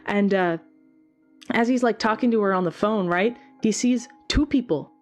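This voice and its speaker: A woman who is a singer, chatting casually in a Q&A video, retelling things with animated energy and plenty of swearing. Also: mid-range voice, normal speed, faint music behind. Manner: animated, swears freely, many fillers. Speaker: singer and channel host. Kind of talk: casual Q&A storytelling.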